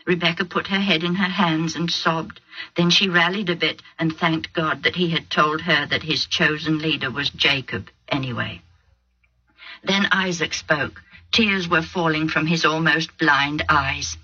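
A woman's voice: unhurried, bright, forceful tone, slightly rough, dull audio. A woman narrating a Bible story in storybook style, voicing each character in turn. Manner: dramatic reading, shifting pitch for each character.

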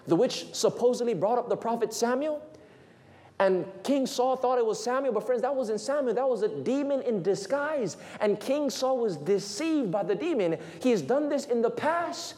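High-voiced earnest male preacher. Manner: earnest, drops to a hushed tone on "friends". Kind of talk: evangelistic sermon.

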